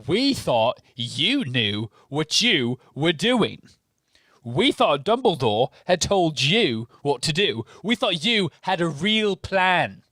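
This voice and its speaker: A man's voice: on the high side, sing-song, slow pace, pushed and bright, no echo, full character voice. A man reading the part of a sulking, angry teenage boy wizard in a podcast read-through, complaining and dramatic. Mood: grumbling.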